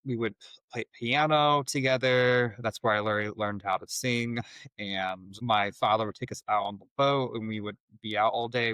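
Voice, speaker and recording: A man telling his personal story as a podcast guest, in a halting, reflective way with many restarts. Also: on the low side, fairly bright tone, dry recording, rough recording.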